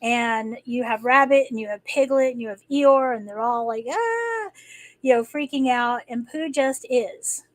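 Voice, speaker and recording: On a poorly recorded live stream, a woman rambles casually as host, restarting often and using lots of fillers. Her voice is on the high side with fairly even intonation, at a moderate pace with few pauses.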